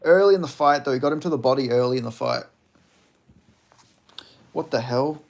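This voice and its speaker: A man's voice: mid-range voice, normal speed, gravelly. A young man hosting a livestream, reading chat and chatting loosely, laughing and swearing freely. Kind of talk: casual stream chat.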